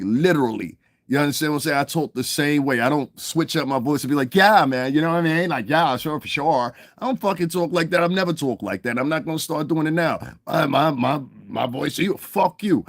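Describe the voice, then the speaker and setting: A commentary vlogger from the United States delivers a casual, profane monologue rant to his viewers, often asking "you understand what I'm saying" and chuckling between points. His voice is fairly high-pitched, with clean studio sound and no room sound.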